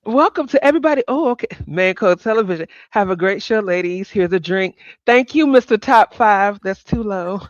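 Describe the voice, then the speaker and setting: A woman's voice: medium pitch, expressive, moderate pace, hardly any pauses, no echo, lo-fi sound. A woman hosting a casual livestream chat, talking to viewers by name and laughing often. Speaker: livestream host.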